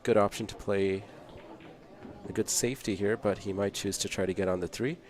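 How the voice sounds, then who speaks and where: A man's voice: fairly low pitch, fairly even intonation, moderate pace. A man giving casual live-stream commentary on a pool match, easygoing and laughing along with his co-hosts.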